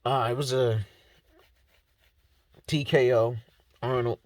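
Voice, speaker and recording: A man's voice: medium pitch, steady tone, slow, a little mellow, no room sound. A man giving a casual, slangy, profane breakdown of fight results, laughing often. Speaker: MMA fight analyst.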